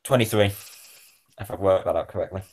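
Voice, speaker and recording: A man's voice: low voice, moderate pace, a little mellow, breathy edge. A man answering questions in a live football quiz stream over a video call, keeping his replies short. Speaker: quiz contestant. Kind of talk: casual chat.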